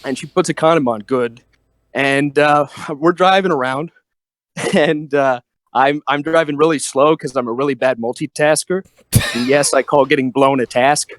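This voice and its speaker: A man's voice: fairly high pitch, normal speed, no room sound. A man on a podcast telling a raunchy anecdote casually, laughing often and acting out what people said. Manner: laughing, animated anecdote telling with acted-out quotes. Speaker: podcast co-host. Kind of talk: casual chat, storytelling.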